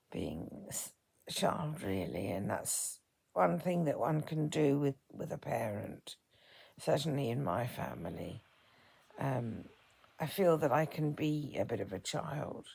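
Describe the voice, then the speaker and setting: A vlogger in her fifties shares a personal reflection in a soft, halting voice that often fades to a whisper. Her voice sits in the bass range, gravelly with a breathy edge.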